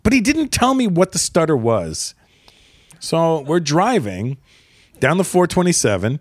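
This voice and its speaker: A man hosting a podcast, telling stories in a casual, animated way and acting out the people in them. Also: a little high, unhurried, dry recording. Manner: animated, acts out voices in stories. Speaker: podcast host. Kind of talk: casual comedic storytelling.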